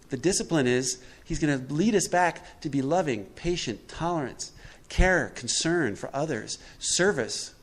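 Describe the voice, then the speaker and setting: A man giving a recovery workshop talk, asking his listeners questions and answering them himself, acting out quotes with big swings in pitch and loudness. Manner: preachy, asks the room questions and answers them; acts out quotes with animated swings in pitch and volume. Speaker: workshop speaker.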